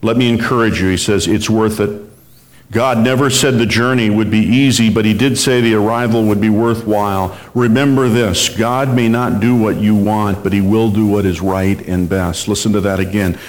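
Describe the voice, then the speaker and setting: A man's voice: on the low side, fairly even intonation. Man preaching in a reverberant hall. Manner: earnest, measured preaching with long quoted readings. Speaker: pastor. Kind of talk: sermon.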